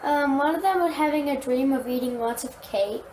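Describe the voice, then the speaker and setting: A woman playing young Joseph as a hesitant prisoner who gives halting answers in a church skit. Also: high-pitched, a little mellow, natural voice. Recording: roomy with faint noise.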